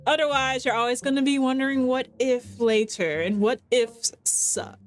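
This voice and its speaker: A woman's voice: high voice, moderate pace. A young woman giving chatty commentary while playing a story game. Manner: chatty, lots of fillers and laughs. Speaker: game streamer. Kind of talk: playthrough commentary.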